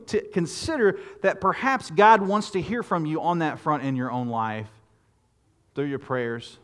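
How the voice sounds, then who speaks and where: A man preaching a sermon, lively and expressive, often repeating words and restarting phrases as he talks. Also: measured pace. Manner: expressive preaching, rising loud and high when quoting Moses. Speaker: pastor.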